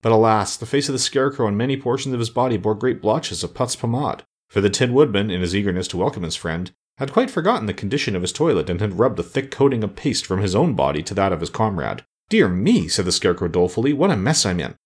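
Male audiobook narrator, low and husky, lively delivery. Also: quick pace, few pauses. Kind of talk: scripted storybook narration.

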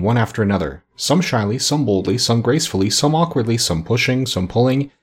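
A man narrating a classic story as an audiobook in a measured, expressive reading. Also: medium pitch, husky.

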